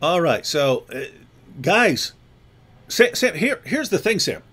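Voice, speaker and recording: A male host with a fairly high voice presses his case hard. He repeats key lines for emphasis and throws rhetorical questions at the listener. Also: very animated, takes it slowly, a bit bright. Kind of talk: polemical discussion with a co-host.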